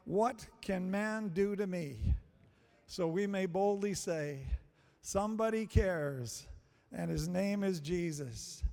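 Slow, high-voiced male preacher in a hall. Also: creaky, mellow. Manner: slow, emphatic, repeating phrases for stress. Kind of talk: sermon. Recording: long hall reverb.

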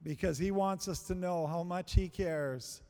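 Slow, high-voiced male preacher in a hall. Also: creaky, darkish tone. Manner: slow, emphatic, repeating phrases for stress. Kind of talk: sermon. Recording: long hall reverb.

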